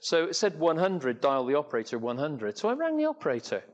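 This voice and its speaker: A man's voice: on the high side, huge pitch swings, fairly quick, dull audio. An older man from England telling a long story to an audience as an entrepreneur speaker, rambling, with many fillers and restarts. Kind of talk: anecdotal talk to an audience.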